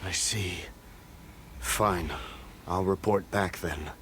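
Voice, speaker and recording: A man's voice: low voice, steady tone, slow, noisy background. An actor playing a scheming government official in a game who gets caught and talks his way out. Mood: suspicious.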